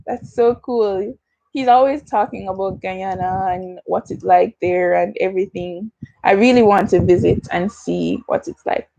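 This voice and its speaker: Young Jamaican woman, livestream host, casual chatter with patois, mid pitch, dry close sound. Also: measured pace, vocal fry, warm tone, dry recording, muffled recording. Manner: chatty, slips into patois, answers viewer comments. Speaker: YouTuber hosting a livestream Q&A.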